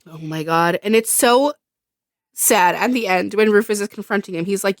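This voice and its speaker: A woman co-hosting a casual podcast chat, expressive, swearing freely and acting out quotes. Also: mid-range voice, moderate pace, dry recording, studio quality. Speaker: podcast co-host.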